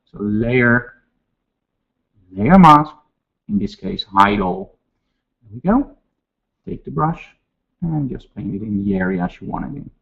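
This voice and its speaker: A man with a Dutch accent gives a photo retouching tutorial, calmly calling out each step. His voice is gravelly and his pitch moves a lot. The webinar audio sounds dull and lo-fi. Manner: instructive, step-by-step, relaxed asides.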